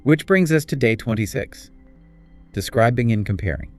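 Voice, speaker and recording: A man co-hosting a scripted English speaking lesson, with clear, encouraging teacher delivery. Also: mid-range voice, lively intonation, moderate pace, darkish tone, faint music behind. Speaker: co-host of an English speaking course.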